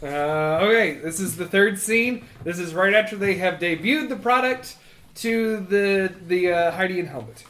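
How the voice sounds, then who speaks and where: High-voiced man reading a comedy script, halting, echoey room. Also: fairly bright tone. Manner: halting, with frequent uh fillers. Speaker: comedy podcast co-host. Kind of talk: reading a comedy screenplay aloud.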